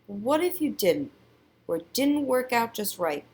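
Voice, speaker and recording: A woman's voice: on the high side, big pitch swings, a little slow, darkish tone, husky, pitched above the performer's own voice, heavily acted. A woman voicing a homesick, restless young boy, eager and pleading in a storybook read-aloud.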